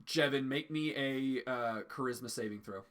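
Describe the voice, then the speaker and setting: Bright-voiced male game master. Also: mid-range voice, normal speed. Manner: relaxed, with fillers. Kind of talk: narrating a tabletop game.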